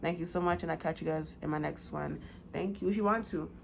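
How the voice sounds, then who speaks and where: A woman's voice: low-pitched, brisk, creaky, slight background noise. A woman giving a casual pick-a-card tarot reading, loose and slangy with many fillers.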